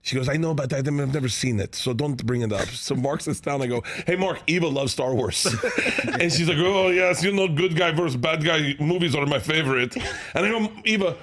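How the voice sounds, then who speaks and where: A man in his fifties, a comedian guest in a studio, telling animated stories, laughing often and acting out other people's lines. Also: fairly high pitch, brisk. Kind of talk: animated storytelling with quoted voices. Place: radio show studio.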